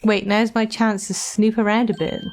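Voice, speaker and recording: A woman's voice: medium pitch, flat delivery, normal speed, darkish tone, slight background noise, lightly acted. A woman voicing a determined young male defense lawyer, reading his thoughtful inner monologue earnestly.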